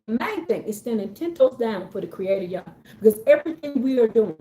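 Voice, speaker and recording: High-voiced woman giving a fired-up faith talk. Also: reverberant. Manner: animated, repetitive, preachy, slangy. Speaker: faith community speaker. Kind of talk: casual religious pep talk to a group.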